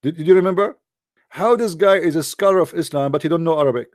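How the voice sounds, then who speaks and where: A man's voice: fairly high pitch, fast talker, a little mellow, no room sound, studio quality. A man delivering a mocking, sarcastic monologue to viewers in broken, non-native English. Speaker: online commentator.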